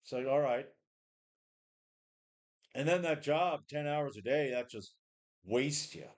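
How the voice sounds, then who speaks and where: Speaking slowly at medium pitch with lively intonation, a run-down home gym vlogger rants to camera. His casual, profane monologue wanders, looping back on itself with lots of repetition and fresh starts.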